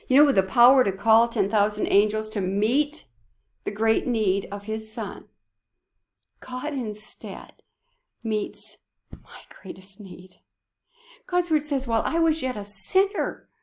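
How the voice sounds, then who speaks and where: A woman's voice: fairly high pitch, takes it slowly, pauses often. A woman giving a heartfelt devotional talk at church, emotional and often dropping to a whisper. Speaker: church speaker.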